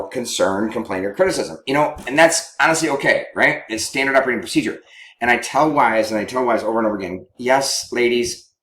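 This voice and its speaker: A man's voice: medium pitch, a bit bright. A man who works as a counselor, teaching in a conversational way and often checking in with his listeners. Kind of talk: teaching talk on couples communication. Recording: roomy echo.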